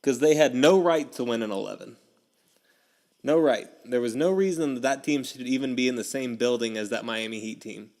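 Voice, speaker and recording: A man's voice: mid-range voice, clear, resonant tone. A young man hosting a casual sports podcast, telling stories with a lot of energy and acting out his own past reactions. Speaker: podcast host.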